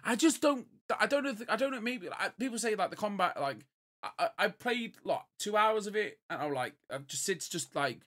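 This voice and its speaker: A man's voice: high voice, lively intonation, brisk, sharp tone, dry recording. A man co-hosting a podcast, rambling and swearing in casual chat. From Britain. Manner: rambling, self-interrupting, swears freely. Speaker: podcast co-host.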